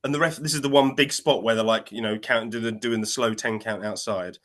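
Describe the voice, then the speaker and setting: A man, co-hosting a casual wrestling chat and retelling a match in an animated way, jumping into quoted voices. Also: fairly low pitch, brisk. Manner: animated storytelling, acting out quotes in shifting voices. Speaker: wrestling podcast co-host.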